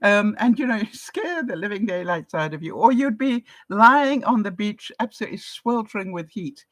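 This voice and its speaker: A woman's voice: mid-range voice, lively intonation, moderate pace, no room sound. An older woman with an English accent, chatting on a live stream and reading viewer comments aloud, laughing often. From England. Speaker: vlogger. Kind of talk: casual live-stream chat.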